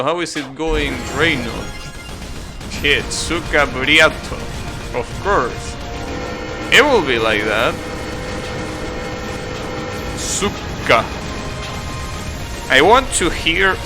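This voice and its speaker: Slow, rambling young male streamer over music. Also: on the high side. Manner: rambling, self-correcting, swears casually, laughs at own jokes. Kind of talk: casual live-stream chat with viewers.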